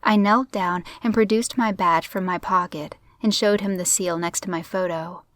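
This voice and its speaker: A woman narrating a crime story in a steady, measured audiobook reading. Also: medium pitch.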